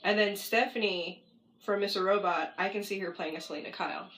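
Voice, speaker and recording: A woman co-hosting a podcast in casual chat, opinionated and quick to react. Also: medium pitch, a bit bright, low-quality recording. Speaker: podcast co-host.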